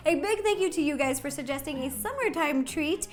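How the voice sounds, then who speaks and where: A woman's voice: sits high, lively intonation, normal speed, hardly any pauses, soft background music. A woman in her thirties hosting a baking vlog, chatting casually and laughing often as she bakes. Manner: bubbly, laughs often, giggly. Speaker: baking show host.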